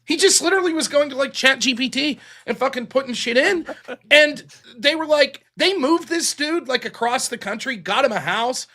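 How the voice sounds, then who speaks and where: High-voiced, bright male call-in host. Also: lively intonation, normal speed. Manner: profane, rambling storytelling retelling others' words. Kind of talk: casual political call-in talk.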